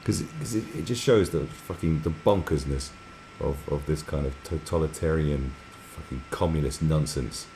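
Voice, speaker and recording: A man's voice: very deep voice, normal speed, hardly any pauses, warm tone, a little hiss or hum. A man hosting a live stream, talking in a rambling, sweary way and often slipping into mocking impressions. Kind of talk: casual rambling commentary.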